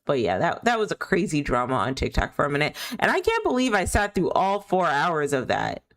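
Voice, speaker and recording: Low-voiced woman streamer, chatty. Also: very animated, fairly quick. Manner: chatty, rambling, full of "like" fillers; candid, opinionated. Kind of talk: casual chat while gaming.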